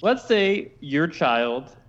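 A man's voice: fairly high pitch, sing-song, very slow, a bit bright, lo-fi sound. A man co-hosting a podcast, chatting casually and often restarting his sentences. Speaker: podcast co-host.

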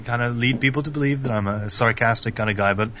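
A man guesting on a casual podcast, talking in a deadpan monotone. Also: medium pitch, quick pace, a little hiss or hum.

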